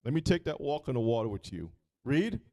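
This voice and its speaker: A man's voice: mid-range voice, brisk. A man leading a scripture reading, stopping often to ask questions and act out the story. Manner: animated, questioning, acts out the story in voices. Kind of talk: interactive sermon.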